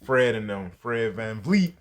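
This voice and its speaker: A man's voice: on the low side, expressive, unhurried, a little hiss or hum. A man, hosting a podcast and telling a story in casual, slangy, profane talk. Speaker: podcast host.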